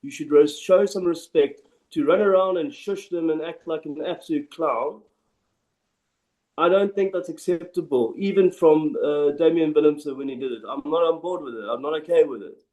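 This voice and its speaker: Man, podcast co-host, blunt, opinionated, slightly high voice. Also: normal speed, darkish tone, low-quality recording. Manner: blunt, opinionated, emphatic repetition. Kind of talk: casual rugby chat.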